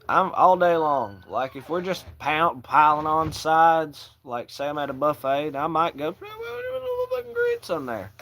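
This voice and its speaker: A man hosting a casual livestream, joking loosely and swearing as he shouts out viewers by name and reads out their comments. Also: fairly high pitch. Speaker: livestream host.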